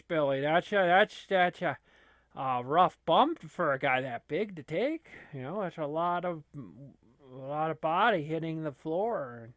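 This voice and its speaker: A man's voice: a little high, fairly bright tone, dry recording. A man casually commentating a wrestling video game as a channel host, rambling with many fillers and laughing between remarks. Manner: rambling, laughing, filler-heavy, lots of restarts.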